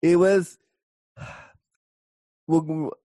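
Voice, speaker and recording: A Canadian woman hosting a podcast, chatting in a lively, rambling way with quick tangents. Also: deep voice, no echo. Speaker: podcast host. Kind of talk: casual interview chat.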